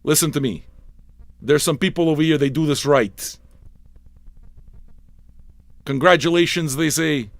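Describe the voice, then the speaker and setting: A man hosting a livestreamed record show, ranting with constant swearing, yelling and mocking impressions. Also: on the high side, unhurried, gravelly, long pauses, no echo. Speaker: livestream radio DJ. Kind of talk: profane comic rant.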